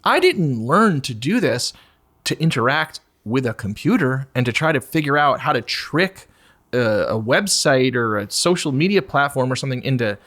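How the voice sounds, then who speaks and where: This is a very animated musician in his forties, a podcast guest being frank in conversation, who puts on high mock voices when acting out a bid for attention. His pace is moderate and his tone slightly bright.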